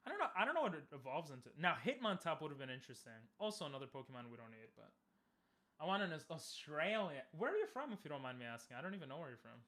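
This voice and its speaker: A young man casually commenting on a game he is playing, chatting with viewers and bursting into loud cheers. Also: a little high, sing-song, racing. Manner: talks to chat, asks viewers questions. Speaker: streamer.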